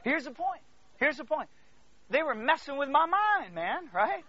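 A man preaching a sermon as a pastor, swinging from hushed near-whispers to loud exclamations and calling out to the congregation. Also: very high-pitched, sing-song, measured pace. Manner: storytelling, calls out to the congregation. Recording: dull lo-fi recording.

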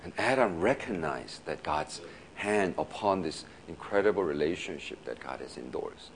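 A male pastor preaching in a casual, storytelling way, laughing often and filling his talk with "you know" and quick restarts. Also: very deep voice, lively intonation, vocal fry, a little hiss or hum. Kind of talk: sermon storytelling.

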